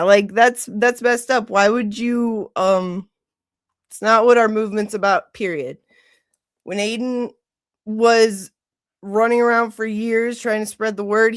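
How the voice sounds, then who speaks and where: A woman hosting a casual livestream, gushing and excitable, gasping and laughing often. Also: fairly high pitch, dry recording, clean studio sound. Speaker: livestream host.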